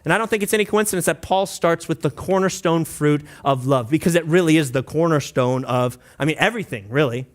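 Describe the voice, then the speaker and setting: A male pastor delivers a sermon in a high, light voice. He talks casually and conversationally, throwing in asides and prompts to the congregation. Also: fairly quick, few pauses. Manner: breaks into singing and playful mock voices.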